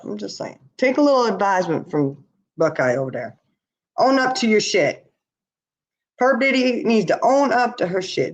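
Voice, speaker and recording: A tired woman hosting a casual livestream, talking bluntly and answering her chat as she goes. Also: medium pitch. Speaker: livestream host. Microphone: laptop or webcam.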